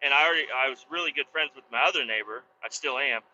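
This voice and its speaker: A man's voice: medium pitch, fast talker, sharp tone, lo-fi sound, a little hiss or hum. A man hosting a podcast, telling a story in casual, profane, laid-back talk while driving a car. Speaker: podcast host.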